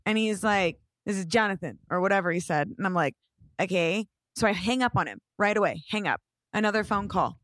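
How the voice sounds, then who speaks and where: A woman in her thirties casually telling an animated story, swearing now and then and acting out what people said. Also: mid-range voice, fast talker, dry recording, studio quality.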